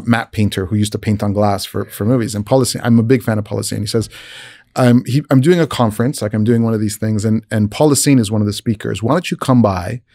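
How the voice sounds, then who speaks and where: A man's voice: a little mellow, dry recording, clean studio sound. A man casually recounting a career story, often repeating and restarting words and acting out the lines of the people he quotes. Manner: retells conversations, often raising his pitch for the quoted speakers. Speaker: visual effects artist telling a career story. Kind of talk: casual personal anecdote.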